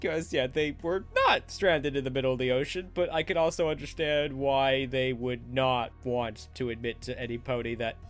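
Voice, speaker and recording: A man giving a casual, chatty spoken review of a cartoon episode, animated and often laughing at himself. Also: medium pitch, normal speed, hardly any pauses. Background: faint background music.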